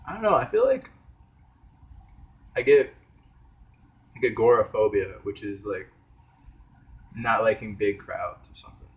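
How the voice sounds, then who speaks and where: A man's voice: fairly low pitch, animated, unhurried, long pauses. A young man vlogging in a rambling, hesitant casual monologue, talking while eating with his mouth full. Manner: hesitant, trailing off, many fillers.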